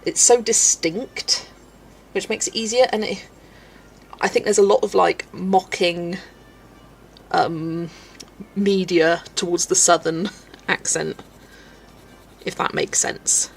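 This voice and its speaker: A woman's voice: on the low side, fairly even intonation, slow pace, creaky, pauses often, a little hiss or hum. A woman chatting casually at home while colouring on a livestream, answering chat and often breaking into giggles. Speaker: livestream host.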